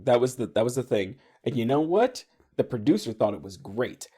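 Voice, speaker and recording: Young man, podcast co-host, casual chat, relaxed and informative, mellow, animated intonation. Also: mid-range voice, moderate pace, husky.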